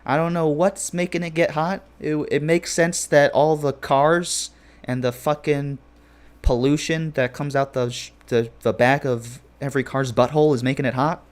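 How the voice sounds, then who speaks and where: A man with a slightly high, steady voice talks at normal speed as he streams a game, chatting loosely with viewers. His manner is playful and joking, full of rambling and filler phrases.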